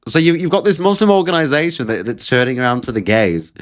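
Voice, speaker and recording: A man's voice: mid-range voice, fast. A man giving a casual, ranting commentary, sarcastic and mocking, repeating phrases for effect. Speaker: political commentator.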